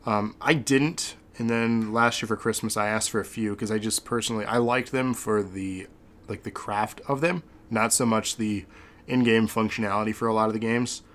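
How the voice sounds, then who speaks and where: Male podcast host, low voice, casual and rambling, sentimental streak. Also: steady tone, normal speed, a bit bright. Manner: rambling, sentimental, frequent fillers.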